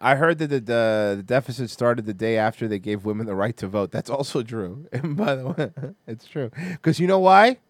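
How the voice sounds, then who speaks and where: A man's voice: medium pitch, animated, normal speed, few pauses. Crude ranting male host. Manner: crude, mocking, explosive. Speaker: podcast host. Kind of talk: profane comedy rant.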